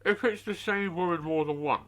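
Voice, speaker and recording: Bright-voiced man hosting a podcast quiz. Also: high-pitched, normal speed, poor audio. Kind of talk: casual chat, reading quiz questions.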